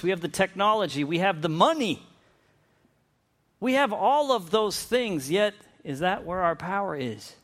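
A man delivers a relaxed, conversational sermon. His voice sits slightly high for a man. He stumbles and restarts phrases and briefly acts out the people in the stories. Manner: conversational, with frequent restarts and acted-out quotes. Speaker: preacher.

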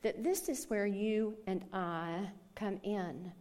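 Brief: woman preacher, storytelling sermon, slow measured delivery. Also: medium pitch, darkish tone. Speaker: pastor.

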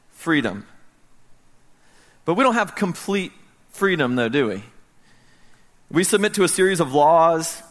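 A man in his thirties from the United States preaching a sermon as pastor, telling a story in a lively way that swings from loud to hushed. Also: on the high side.

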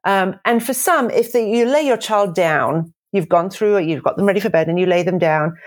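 Talking casually about raising kids, a woman in her forties stays animated throughout, laughing a lot and performing small character voices that leap up and down in pitch.

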